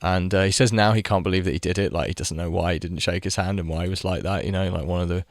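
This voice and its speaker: Young guy rambling over his game, lowish voice, dry sound, swears a lot, chats to his players. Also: steady tone, quick pace, dry recording. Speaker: gaming video creator. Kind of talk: casual gameplay commentary.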